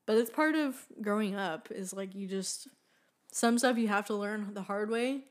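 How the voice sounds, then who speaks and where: A woman's voice: medium pitch, moderate pace. Chatty young woman podcaster. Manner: chatty, earnest, many fillers, laughs often. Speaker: podcast co-host. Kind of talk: casual chat.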